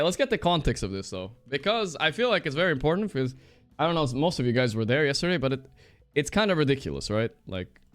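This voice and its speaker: A man in a casual stream rant, explaining himself defensively to his chat. He swears freely and piles on fillers like "you know" and "right". His voice sits at an ordinary middle pitch.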